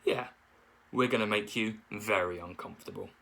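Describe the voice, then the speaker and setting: A man's voice: fairly low pitch, moderate pace, pushed and bright. A man voicing a sulky young male bear who whines and repeats his sister. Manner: whiny, copies his sister.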